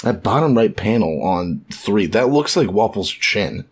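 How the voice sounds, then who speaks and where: A man talking casually on a podcast in a lower register. He swears freely and slips into playful quoted impressions of characters. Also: very animated, a little slow, crowd noise. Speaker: podcast co-host. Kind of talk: casual chat.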